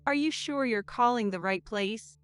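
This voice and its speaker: A man voicing a polite female pizzeria phone worker in a high falsetto. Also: normal speed, fairly bright tone, clean tone, no room sound.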